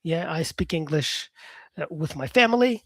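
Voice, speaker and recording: A man's voice: fairly high pitch, expressive, normal speed, no echo. Emphatic male English teacher, dry sound. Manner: emphatic, restates points in new words. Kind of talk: casual explanatory talk to viewers.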